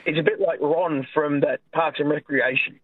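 A man's voice: on the high side, fairly even intonation, moderate pace, no room sound. A man calling in to a radio quiz, talking hesitantly and restarting his sentences often. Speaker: caller. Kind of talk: phone-in chat. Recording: phone line.

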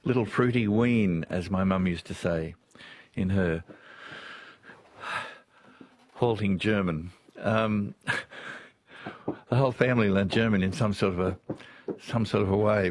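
A man's voice: fairly low pitch, dry recording. Chatty older Australian man, dry sound. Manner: chatty, rambling, laughs often. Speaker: radio host. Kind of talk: casual talkback radio chat.

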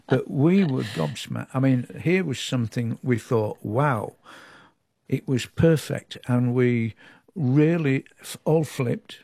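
An older man from England, a storyteller, chatting as an interview guest in a chatty, animated way that often restarts sentences. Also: medium pitch, vocal fry, breathy edge, dry recording, clean studio sound. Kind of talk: reflective interview.

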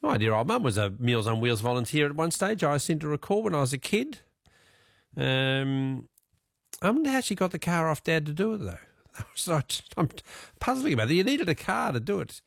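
A man's voice: fairly high pitch, very animated, normal speed, gravelly, dry recording, clean studio sound. A man hosting a talkback radio show, chatting casually with callers and musing aloud with frequent chuckles. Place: radio studio.

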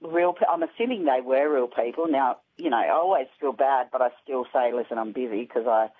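A woman's voice: very deep voice, lively intonation, brisk, breathy edge. Australian woman on a tinny phone line. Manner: chatty storytelling. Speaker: radio guest. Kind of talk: casual chat.

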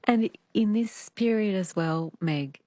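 A woman's voice: mid-range voice, slow pace, warm tone, no echo. A middle-aged woman hosting an interview, asking curious questions of her guest. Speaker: interviewer, host.

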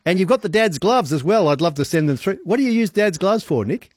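A man's voice: sits high, lively intonation, faint music behind. A man hosting an evening radio quiz, chatting with callers in an upbeat, chummy way. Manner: upbeat, chummy, quick banter. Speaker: radio host. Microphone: studio microphone.

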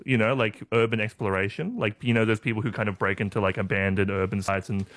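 A man with a lower voice co-hosting a casual chat show. He rambles along, full of fillers, and slips in deadpan jokes. The sound is dry and close. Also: fast talker, dry recording. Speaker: co-host.

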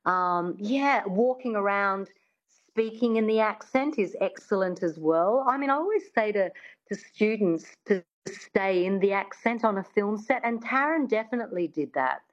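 A woman who works as an accent coach chats casually in an interview, often restarting with "I mean." Her medium-pitched voice is expressive at a normal speed, though the recording is muffled.

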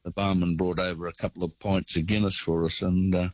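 A man's voice: sits low, flat delivery, fairly quick, no room sound, rough recording. An older Australian man calling in to a radio show, telling rambling travel stories. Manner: rambling storyteller. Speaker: caller. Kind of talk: phone-in anecdote.

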